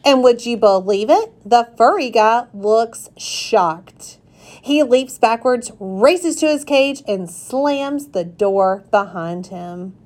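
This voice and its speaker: A woman reading a children's chapter book aloud in a gentle storytelling manner. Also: on the high side, expressive, slow.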